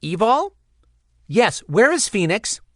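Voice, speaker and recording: A man's voice: high-pitched, very animated, slow pace, no room sound, studio quality, pitched above the performer's own voice, heavily acted. A man voicing an earnest golden-headed male griffin who protests defensively in an audiobook. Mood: worried.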